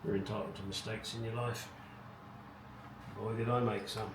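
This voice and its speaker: A middle-aged man with a fairly low voice and little pitch movement narrates his car restoration at a moderate pace, casual and wry, wandering off with muttered remarks. It's recorded in his home garage, echoey and distant, with background noise.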